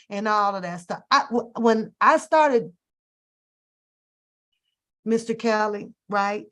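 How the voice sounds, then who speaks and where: A woman hosting a casual live stream, speaking. She talks in an animated, exasperated way and rants about whatever annoys her, with plenty of profanity. Her delivery is loose and conversational, like she is talking straight to her viewers. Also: on the high side. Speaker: host.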